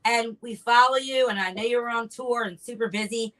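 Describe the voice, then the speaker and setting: A woman's voice: a little high, fairly even intonation, fairly quick, fairly bright tone. A woman co-hosting a casual podcast, bubbly and enthusiastic, often laughing. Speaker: podcast co-host.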